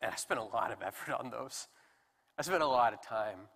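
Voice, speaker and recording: A man preaching a sermon in a relaxed, conversational and self-deprecating way with animated emphasis. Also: mid-range voice, brisk, husky. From United States. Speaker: pastor. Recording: long hall reverb.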